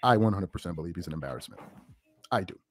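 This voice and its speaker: Mocking man with a lively voice. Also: low voice, fast talker. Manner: mocking, blunt, joking insults. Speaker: online commentator. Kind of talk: opinion commentary video.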